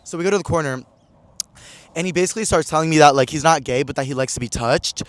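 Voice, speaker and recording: Telling a story on his podcast, this young host in his twenties keeps it chatty and slangy, dropping "like" constantly. His voice sits a little high and moves at a quick pace. No echo can be heard.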